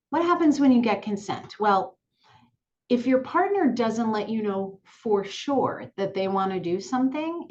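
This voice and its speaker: A woman sexuality educator speaking calmly and clearly to the camera, repeating her key points. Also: a little high, lo-fi sound. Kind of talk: direct-to-camera lesson. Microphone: looking into camera, on-camera mic.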